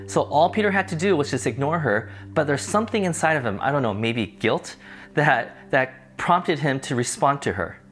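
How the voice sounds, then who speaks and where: A man's voice: fairly high pitch, animated, normal speed, fairly bright tone. A man teaching a Bible study lesson, reading the passage and then explaining it in a conversational way. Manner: conversational, explains context in plain terms.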